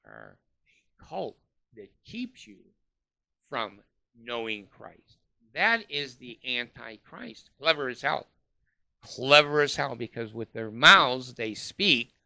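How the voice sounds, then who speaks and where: A man's voice: mid-range voice, creaky, pushed and bright. A man delivering a scornful, profane ranting monologue, full of uh fillers. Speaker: commentator.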